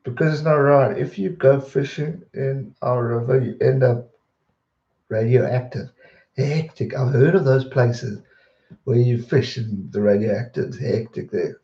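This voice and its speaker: A young man, chatting casually on a live stream and answering viewer questions in a rambling, relaxed way. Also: mid-range voice, unhurried. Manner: relaxed, rambling, repeats words when distracted. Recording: dull roomy home stream audio.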